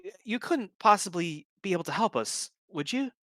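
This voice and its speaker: A man's voice: high-pitched, sing-song, moderate pace, fairly bright tone, no echo, studio quality, voice pushed up. A man voicing a polite, anxious young man who stammers when flustered.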